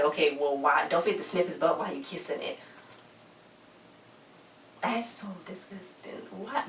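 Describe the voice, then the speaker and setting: A woman's voice: sits low, fairly bright tone, recorded from a distance. Chatty young woman recapping a show. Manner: chatty, retells scenes acting out characters' lines. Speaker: TV show reviewer. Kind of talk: casual recap vlog. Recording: roomy, from off-mic, faint hum.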